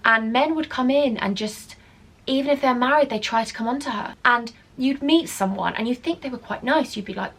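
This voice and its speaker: Gossipy woman with a gravelly edge. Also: on the high side, brisk, a little hiss or hum. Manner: animated, gossipy, dips into whispers. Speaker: vlogger. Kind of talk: storytime vlog.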